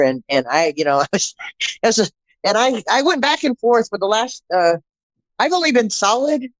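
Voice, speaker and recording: A woman's voice: fairly low pitch, no echo. A middle-aged woman, a podcast guest, telling her personal testimony bluntly and animatedly, acting out the people in it. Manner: blunt, animated storytelling with frequent restarts and quoted dialogue. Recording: slightly dull, dry audio.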